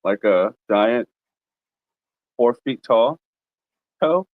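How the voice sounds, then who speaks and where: A man's voice: mid-range voice, animated, extremely slow, dry recording, phone-quality sound. A man co-hosting a casual stream, chiming in with short crude jokes and laughter. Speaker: co-host. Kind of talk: casual live-stream banter.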